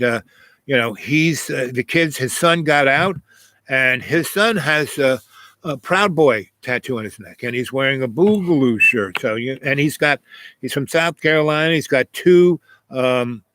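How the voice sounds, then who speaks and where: A man's voice: mid-range voice, expressive, measured pace, pushed and bright, no room sound, rough recording. A man telling a personal anecdote in a casual, rambling way, full of fillers and asides. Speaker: host telling a personal story.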